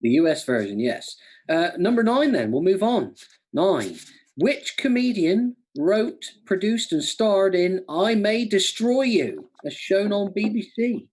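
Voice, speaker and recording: A man co-hosting a casual online quiz from home, chatty and jokey, reading each question slowly and repeating it. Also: high voice, sing-song, a little mellow. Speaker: quiz co-host. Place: home room by a window.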